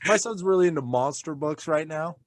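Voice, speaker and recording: A man's voice: a little high, fairly quick, dry recording. A man co-hosting a casual chat. He talks animatedly, swears freely and laughs often. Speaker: podcast co-host and father.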